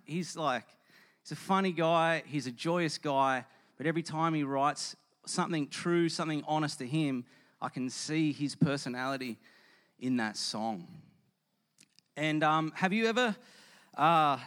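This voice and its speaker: A male preacher talks in a relaxed, joking way, asking the crowd for hands up and telling loose stories. His voice sits a little high for a man and stays conversational throughout. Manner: chatty, joking, addresses the audience. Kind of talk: casual sermon. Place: hall with audience.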